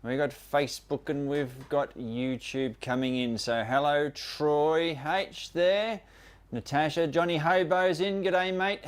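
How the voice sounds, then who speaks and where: A man's voice: fairly high pitch, clean tone. An Australian man hosting a live stream, chattily welcoming viewers one by one by name. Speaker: host of a live prospecting show.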